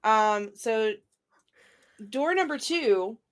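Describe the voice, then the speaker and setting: A woman narrating a tabletop game as game master, describing scenes in a halting way with many pauses and fillers. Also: fairly high pitch, lively intonation.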